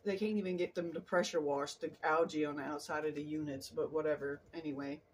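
A woman's voice: sits low, steady tone, brisk, darkish tone, a little hiss or hum. A woman giving a casual tarot reading at home in her apartment, earnest and rambling, often restarting her sentences. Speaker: tarot reader.

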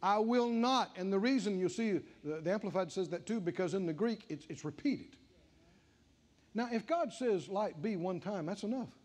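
A man's voice: sits high, animated, normal speed, a little mellow. A man preaching a sermon to a congregation, repeating his lines and calling on them to answer back. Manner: call-and-response preaching, repeating lines with rising emphasis. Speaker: pastor. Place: church sanctuary with congregation.

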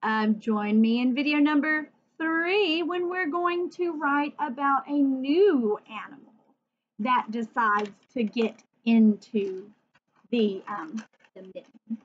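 A woman teacher giving a phonics lesson for young children, sounding words out slowly letter by letter and asking encouraging questions. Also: high-pitched, muffled recording, a little hiss or hum. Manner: encouraging, asks the listener questions.

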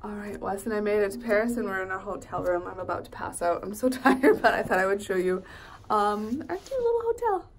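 A woman's voice: mid-range voice, expressive, brisk, a little hiss or hum. A young woman chatting casually to camera in a travel vlog, bubbly and gushing, a little stuffed up with a cold. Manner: bubbly, gushing, many fillers and laughs. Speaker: vlogger. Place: hotel room and city streets.

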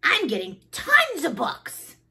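A woman voicing an excitable young boy frog in a storybook, loud and eager. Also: medium pitch, slow, full character voice.

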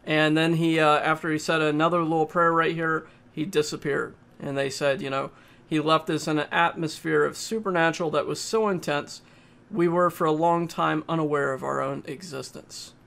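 Guy with a gravelly voice, a bit high, rambling through a movie review with lots of uhs. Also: flat delivery, fairly bright tone. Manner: plain, halting, with frequent uhs and restarts. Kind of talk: casual spoken review.

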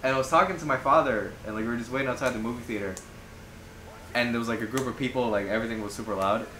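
A man's voice: mid-range voice, very fast, noisy background. A young man chatting with friends over a video game, rambling through anecdotes full of fillers. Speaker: gaming channel member. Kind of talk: casual chat over gameplay. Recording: echoey room.

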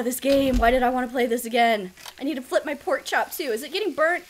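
A woman's voice: sits high, quick pace, hardly any pauses, slight background noise. A woman giving casual gameplay commentary, flustered and self-mocking, laughing often. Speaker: let's play gamer.

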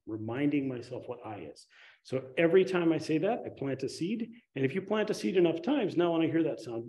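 A man gives a relaxed, conversational dharma talk to a meditation group. His voice is mellow and dark, yet it swings widely in pitch, jumping up high when he gets excited. He talks like a friendly storyteller. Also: a little fast. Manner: conversational, animated storytelling with sudden excited rises. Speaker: meditation teacher.

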